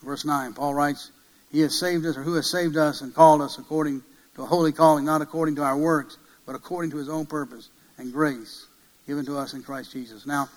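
A man preaching a sermon, emphatic, swinging from loud peaks to hushed passages and asking many rhetorical questions. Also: fairly high pitch, steady tone, fairly quick, low-quality recording.

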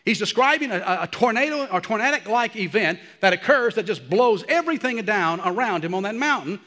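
A man preaching a sermon, animated and dropping to a hush for the quiet passages. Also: high voice, a little fast, big-room sound.

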